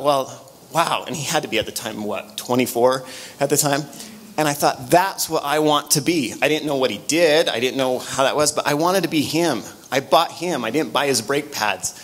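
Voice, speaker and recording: A middle-aged man, giving an animated motivational conference talk full of stories and quick restarts. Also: fairly high pitch. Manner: storytelling, animated, with frequent restarts. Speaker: conference speaker. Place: conference room.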